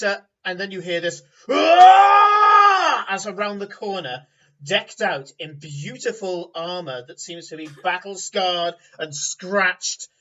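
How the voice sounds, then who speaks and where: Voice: mid-range voice, a bit bright. A game master narrating a tabletop game with a rambling delivery full of fillers, recorded on a distant, dull mic.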